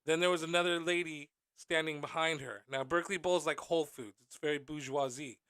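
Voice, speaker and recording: A podcast host chats casually, telling personal stories candidly, swearing freely and acting out what people said to him. His voice is a little high, a bit bright and smooth, with a steady tone and brisk pace, and there's no echo.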